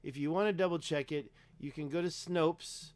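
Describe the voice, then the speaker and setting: A man's voice: fairly high pitch, normal speed, a little mellow, dry recording. A man hosting a casual livestream, talking emphatically and rambling with lots of fillers while clicking through pages. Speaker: livestream host.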